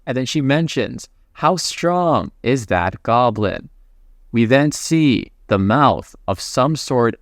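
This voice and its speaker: A man narrates a comic recap in a chatty, excitable way, talking straight to the listener. His voice sits at an ordinary middle pitch. The sound is dry and close. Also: no room sound.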